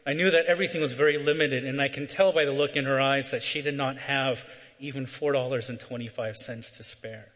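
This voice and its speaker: A man's voice: medium pitch, steady tone, a little fast, a bit bright. A man preaching a sermon, telling a personal story and checking in with "right?" between phrases. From Southern California. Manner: storytelling with frequent "right?" asides. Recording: long reverb from a hall.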